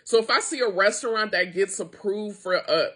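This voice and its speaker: Frustrated American woman, small-business owner, bright tense voice, raw vlog rant. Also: medium pitch, normal speed. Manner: upset, frustrated, venting with profanity. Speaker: wine tasting room owner. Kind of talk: emotional direct-to-camera rant.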